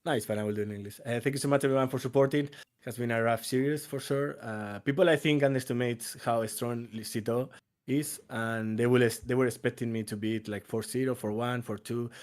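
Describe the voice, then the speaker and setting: A man's voice: mid-range voice, steady tone, fairly quick, a little mellow. A man interviewed as a pro player, speaking modestly with some hesitation. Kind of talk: casual interview.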